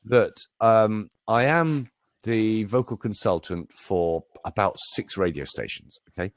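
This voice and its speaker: A middle-aged British man who works as a voice coach and speaker chats casually on a live stream in a jokey, show-off way. His voice is fairly low in pitch, and he keeps a measured pace.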